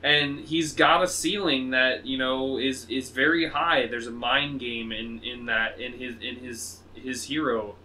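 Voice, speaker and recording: A man's voice: medium pitch, steady tone, measured pace, hardly any pauses, sharp tone, slight background noise. A man co-hosting a casual gaming podcast, laid-back and agreeable.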